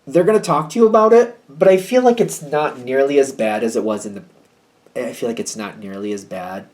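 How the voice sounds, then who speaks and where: A man's voice: mid-range voice, a little fast, darkish tone. A man giving a casual tarot reading to his viewers, chatty and hedging, with a wry, slightly snippy tone. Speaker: tarot reader.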